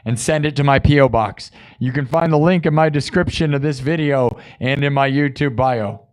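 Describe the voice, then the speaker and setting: A man's voice: medium pitch, normal speed. Chatty man live-streaming to his chat. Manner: chatty, laughs often, acts out quotes. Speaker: live-stream musician host.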